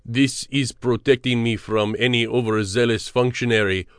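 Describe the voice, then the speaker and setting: A man's voice: mid-range voice, steady tone, moderate pace, fairly bright tone, clear, resonant tone, no echo, lightly acted. Male narrator playing a courteous, formal Indian man; storybook read, dry booth.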